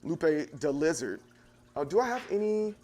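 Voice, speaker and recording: Man, higher-pitched, rambling livestream host, chatty, talks to viewers, home kitchen, handheld camera. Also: very animated, moderate pace, darkish tone, slight background noise. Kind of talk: casual livestream chat.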